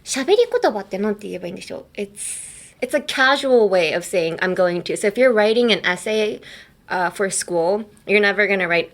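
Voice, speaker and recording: A woman's voice: mid-range voice, fairly bright tone. A woman hosting a podcast, teaching English pronunciation in a casual, playful way and laughing often. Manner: playful, laughs often, explains with silly examples.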